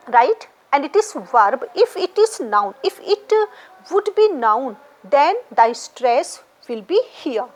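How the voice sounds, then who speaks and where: A woman, teaching an exam lesson and patiently explaining syllables and stress, often repeating words. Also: high-pitched. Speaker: English teacher. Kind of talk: exam preparation lecture.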